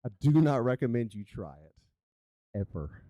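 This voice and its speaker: A man telling a live story on stage as a coach, animated and conversational. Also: mid-range voice, normal speed, dry recording, muffled recording. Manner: animated, conversational, chatty with "like" fillers. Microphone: handheld microphone.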